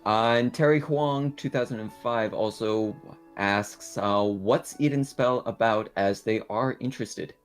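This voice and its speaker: A man reading chat questions aloud on a casual livestream, pausing often to find his words. Faint music plays behind him. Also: lowish voice. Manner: hesitant, with many uh's.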